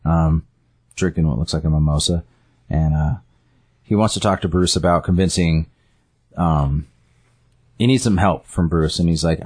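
A man's voice: rumbling low, moderate pace, long pauses, darkish tone, breathy edge. A man casually retelling a story scene by scene, rambling with fillers and self-corrections.

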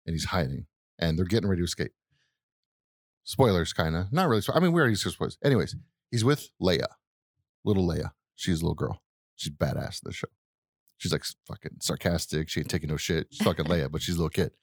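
A man co-hosting a podcast, retelling a scene in a profane, animated way and acting out the quotes. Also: sits low, fast talker, dry recording, studio quality. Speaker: podcast co-host. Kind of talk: casual chat, retelling a show scene.

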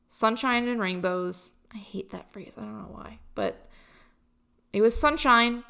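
A mid-range, gravelly voice with a sharp yet clean tone belongs to a young adult college vlogger. She chats casually to the camera, wandering off topic, teasing herself and dropping lots of fillers.

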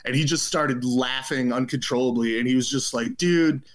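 A man in his thirties trades stories as a guest on a casual podcast. He tells them animatedly, laughing often and pitching his voice up to act out the people he quotes. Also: steady tone, fairly quick. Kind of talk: casual storytelling chat.

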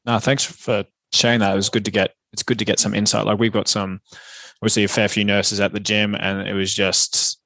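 A man hosting a podcast, talking in a relaxed way, often stumbling over and repeating words. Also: fairly low pitch, brisk, no room sound. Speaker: podcast host. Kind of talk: casual interview chat.

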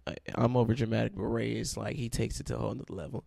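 With a mid-range, level, creaky, and mellow voice, a young man talks very fast with few pauses, recorded with no room sound. He leads a college Bible study and is telling his personal testimony, emotional, self-described as dramatic, and close to tears.

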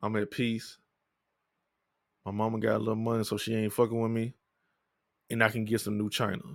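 A young man telling his life story in a candid, profane, rambling way, often low-key and downcast. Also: completely flat delivery, brisk, vocal fry, dry recording, studio quality. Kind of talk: personal storytelling monologue.

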